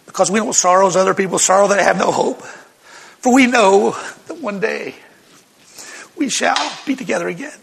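Speaking at a moderate pace, an elderly pastor shares his own testimony from the pulpit, his high voice husky and gravelly. Emotion runs strong, short bursts of laughter keep interrupting him, and the hall gives the sound a lingering echo.

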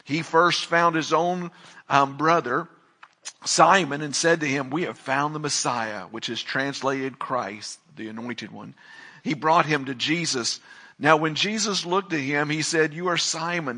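A pastor preaches a sermon, first reading scripture aloud and praying, then building his preaching with rising emphasis. His mid-range voice is unhurried, with a pushed, bright quality.

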